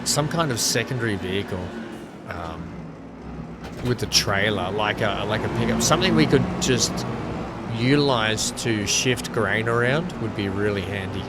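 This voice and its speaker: A man's voice: lowish voice, moderate pace. An Australian man casually commenting while playing a farming game, joking to himself and his chat. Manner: chatty, self-mocking, talks to himself and his chat. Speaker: gaming video host. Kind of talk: casual let's-play commentary. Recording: steady game vehicle and engine noise behind.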